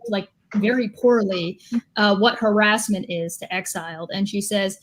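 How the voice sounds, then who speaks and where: A woman's voice: medium pitch, normal speed. A woman in a played clip, retelling something mockingly. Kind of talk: casual commentary.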